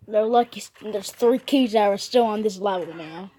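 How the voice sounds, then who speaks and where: A woman's voice: mid-range voice, normal speed, mellow, poor audio. A woman giving casual, playful commentary while playing a game, talking to the characters and cracking puns. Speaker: gamer.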